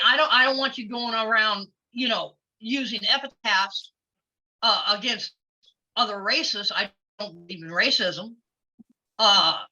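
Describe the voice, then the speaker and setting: A woman, a former wrestler, chatting openly in an interview, outspoken and quick to laugh. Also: a little high, sharp tone. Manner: outspoken and blunt, laughs easily. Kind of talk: casual interview chat. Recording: lo-fi audio.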